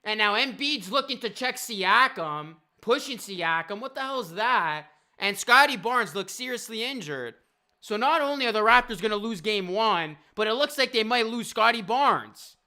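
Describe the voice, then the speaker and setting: A man's voice: high voice, lively intonation, normal speed, sharp tone. A young man hosting a live sports reaction stream, upset and rattled, exclaiming in disbelief.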